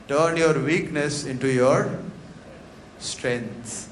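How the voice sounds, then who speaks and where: A man's voice: sits high, expressive, moderate pace, a bit bright. A man giving a motivational talk, telling a story dramatically and acting out its dialogue in a large event hall. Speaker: motivational speaker. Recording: echoey hall with faint noise.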